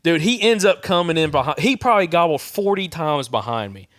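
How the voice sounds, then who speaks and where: A man with a Southern American accent, co-hosting a podcast and telling an animated hunting story, imitating turkey calls as he goes. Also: fairly high pitch, brisk, no room sound, clean studio sound. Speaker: podcast co-host. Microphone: studio microphone.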